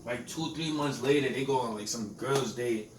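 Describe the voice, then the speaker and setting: This podcast host is a man in his twenties with a mid-range voice, speaking at normal speed. He chats casually through his stories in street slang, frequently checking if you feel him. The mic sounds distant, with a roomy echo and faint background noise.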